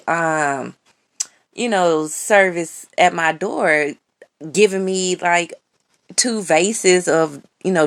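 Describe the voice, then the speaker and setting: A woman's voice: lowish voice, fairly bright tone. A woman in her thirties recording a phone voice message, telling a story in a profane, incredulous, casual way. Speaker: guest storyteller.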